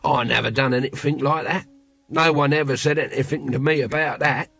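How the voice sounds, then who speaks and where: A man's voice: medium pitch, fairly even intonation, brisk, gravelly, a bit bright. A man voicing a lazy, cynical watchman who mumbles and rambles evasively. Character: shifty seasoned male watchman, lazy and cynical.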